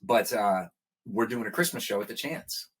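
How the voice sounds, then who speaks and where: A husky, lowish voice at a moderate pace belongs to a middle-aged man, a guest musician in a podcast interview. His casual storytelling is animated, and he raises his voice to play the people he quotes.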